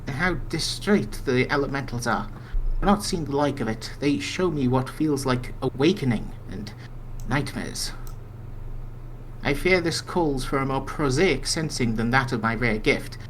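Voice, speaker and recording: A man's voice: medium pitch, lively intonation, unhurried, fairly bright tone, a little hiss or hum, low-quality recording. A man reading aloud as a solemn, self-assured male seer in a fantasy game, with an improvised put-on accent.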